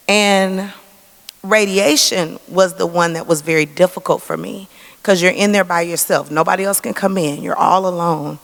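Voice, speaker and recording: A woman's voice: fairly low pitch, fairly even intonation, normal speed, vocal fry. A woman gives an earnest church testimony, acting out the dialogue she quotes. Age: 40s. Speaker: cancer survivor giving testimony. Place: church sanctuary. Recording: long reverb of a church hall.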